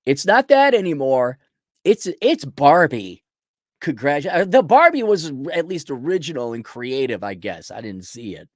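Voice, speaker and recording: Sarcastic man ranting, lively pitch. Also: normal speed, dry recording, studio quality. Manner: sarcastic, scornful, restarts often. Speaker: live-stream host. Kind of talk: casual ranting commentary.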